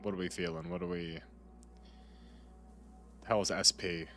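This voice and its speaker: With soft music in the background, a young man streams a video game, speaking a little slowly in a low, sharp-toned voice with fairly even intonation. He rambles casually, interrupts himself, and chats with a friend who is off-mic.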